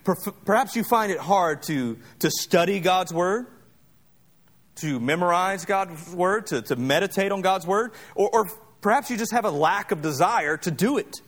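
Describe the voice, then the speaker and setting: A pastor preaching a sermon with emphatic repetition and light humorous asides. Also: male voice, sits high, animated, normal speed, fairly bright tone.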